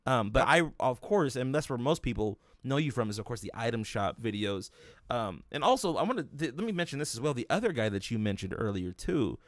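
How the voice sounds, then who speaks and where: A man's voice: mid-range voice, very animated, a little fast, no echo, clean studio sound. A young man hosting an interview, talking in a rambling casual way with many restarts and fillers. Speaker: podcast host interviewing a guest.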